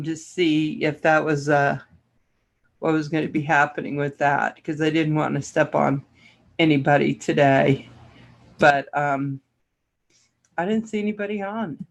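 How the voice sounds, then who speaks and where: A woman hosting a casual livestream, greeting viewers by name and laughing often as she chats. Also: low voice. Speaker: livestream host.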